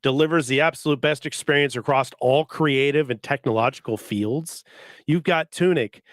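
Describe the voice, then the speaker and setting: A man's voice: medium pitch, normal speed, no echo. Opinionated man, dry close sound. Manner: opinionated, emphatic, swears freely. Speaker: podcast co-host. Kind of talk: casual chat.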